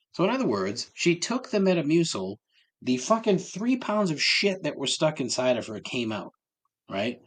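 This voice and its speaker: A man's voice: a little high, sing-song, moderate pace. A man hosting a solo podcast, ranting with sarcasm and heavy swearing. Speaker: podcast host.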